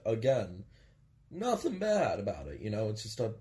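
A man's voice: mid-range voice, sing-song, brisk, warm tone, a little hiss or hum. A man co-hosting a casual film discussion, laid-back and rambling with lots of fillers. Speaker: podcast co-host.

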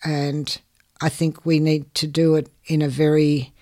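An older woman, giving earnest, measured interview answers and often repeating words. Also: low-pitched, flat delivery, mellow. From Hungary. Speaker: guest. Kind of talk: interview answers, personal recollection.

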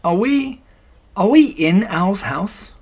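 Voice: medium pitch, expressive, slow pace, a little mellow, husky, voice pushed up, heavily acted. A reader voicing a small, timid piglet in a storybook reading, nervous and anxious.

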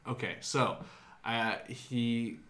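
A man's voice: mid-range voice, extremely slow, bright, forceful tone. Joking man in casual podcast banter. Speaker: podcast co-host.

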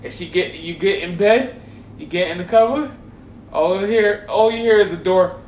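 A man from Hawaii telling a comic story casually, animated and laughing through his words, in a roomy echoing room. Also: high voice, moderate pace, a little hiss or hum.

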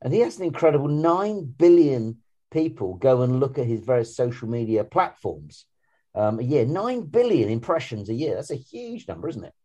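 A man's voice: mid-range voice, very animated, normal speed, dark tone, muffled recording. A man co-hosting a casual podcast, talking in rambling sentences full of restarts and fillers. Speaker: podcast co-host.

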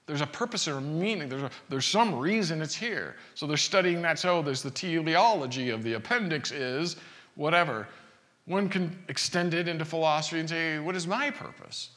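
A man preaches with a lively, bright voice that rises and falls through rhetorical questions, often restarting his sentences as he talks. His voice carries through a reverberant hall. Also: fairly high pitch, normal speed. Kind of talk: sermon.

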